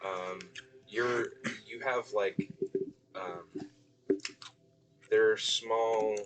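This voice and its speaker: Soft-spoken hesitant male game master. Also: on the low side, steady tone, extremely slow, a little hiss or hum, low-quality recording. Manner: hesitant, many ums and restarts. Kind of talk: narrating a tabletop game.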